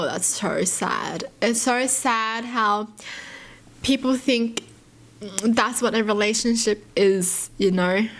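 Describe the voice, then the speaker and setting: A woman who is a YouTuber reads stories aloud and reacts to them in an emotive, sympathetic, chatty way, with gasps, sighs and lots of "you know". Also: mid-range voice. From Australia.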